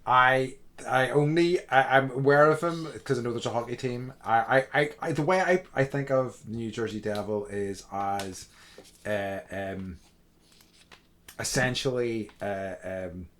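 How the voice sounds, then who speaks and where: A man's voice: mid-range voice, measured pace, a bit bright. A man co-hosting a podcast, chatting casually and rambling with lots of fillers and restarts. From outside the USA. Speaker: podcast co-host. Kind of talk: casual chat.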